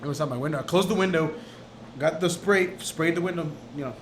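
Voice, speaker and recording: A young man co-hosting a casual podcast, telling animated stories, laughing often and swearing. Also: on the high side, a little fast, slight background noise. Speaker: podcast co-host. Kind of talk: casual chat.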